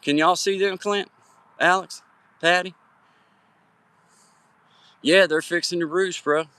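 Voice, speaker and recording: A high-voiced man from Virginia takes it slowly as he livestreams from a hiking trail at sunset, holding his phone and casually greeting viewers by name in a friendly, folksy way. His intonation is fairly even and his tone pushed, bright, clear and resonant, with no room sound.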